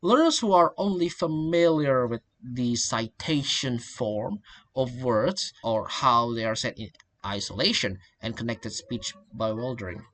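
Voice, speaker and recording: A young man, a student giving a class presentation, halting and often restarting his phrases. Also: mid-range voice, animated, a bit bright. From Indonesia. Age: young adult. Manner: halting, repeats and restarts phrases, links points with "and then".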